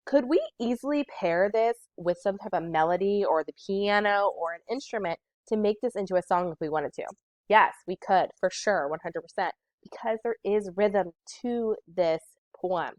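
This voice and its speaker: A woman teacher giving a recorded poetry lesson to children, counting out syllables slowly and deliberately. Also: lowish voice, lively intonation, a little mellow, no room sound.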